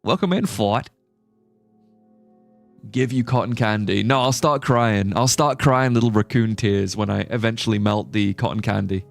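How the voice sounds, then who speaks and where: A man's voice: lowish voice, moderate pace, vocal fry, faint music behind. A young man streaming a game, chatting casually and thinking aloud as he plays. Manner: rambling, thinking aloud with fillers. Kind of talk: casual live-stream chat.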